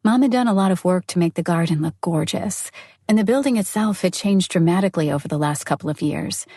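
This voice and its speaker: A woman reading a first-person novel aloud in an even, intimate way. Her voice is mellow and slightly breathy and sits a touch low. The recording is close and dry. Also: fairly quick, no echo. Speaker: audiobook narrator. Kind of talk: first-person audiobook narration.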